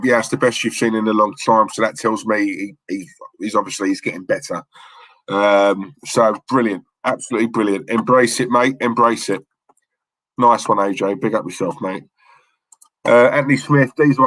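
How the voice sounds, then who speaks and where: A man's voice: lowish voice, fairly bright tone, no echo, poor audio. A young man with a London-Essex accent, chatting casually on a livestream and reading out the chat in a laddish, jokey way. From London area, England. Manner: laddish, jokey, says mate a lot.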